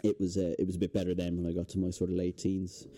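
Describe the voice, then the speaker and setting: A young Irish man, a guest on a podcast, telling relaxed stories in casual chat. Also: low voice, fast, a little hiss or hum. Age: young adult. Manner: relaxed storytelling with fillers. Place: indoors, hotel podcast setting.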